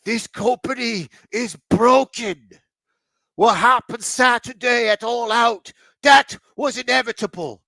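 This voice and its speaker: A man's voice: very high voice, takes it slowly, pushed and bright, no echo, voice pushed up, exaggerated voice. A man doing a menacing male wrestling villain in an unplaced put-on accent, declaiming in the middle of a casual podcast chat.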